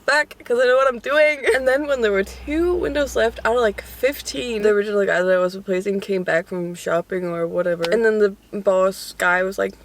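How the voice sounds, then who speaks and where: A woman's voice: mid-range voice, a little fast, a little hiss or hum. A young woman in her twenties chatting candidly at home while eating and showing off a haul, swearing and laughing often. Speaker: vlogger.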